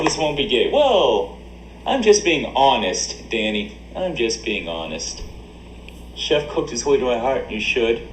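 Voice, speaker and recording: A man's voice: mid-range voice, roomy sound, slight background noise, poor audio. A man livestreaming and reading chat aloud, joking crudely and laughing often into a desk mic. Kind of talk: casual stream banter. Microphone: desk USB mic.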